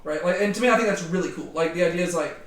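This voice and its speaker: A man leading a casual Bible study, talking in an animated way with many fillers. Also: sits high, rapid-fire. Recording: echoey room, distant from mic.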